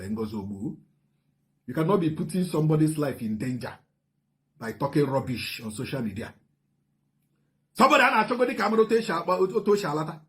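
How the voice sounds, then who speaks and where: An impassioned middle-aged man with an Igbo Nigerian accent, rebutting a report. His voice sits a little high for a man. He flips between Igbo and English, hammering points with repeated phrases and rhetorical questions. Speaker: community spokesman rebutting a report. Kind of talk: impassioned video statement.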